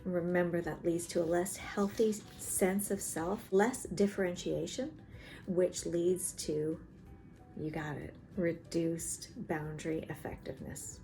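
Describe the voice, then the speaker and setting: Low, warm-voiced woman therapist teaching. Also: fairly even intonation, unhurried, vocal fry, soft background music. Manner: gentle and explanatory, acts out little dialogues. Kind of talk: teaching talk to camera. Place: in South Carolina.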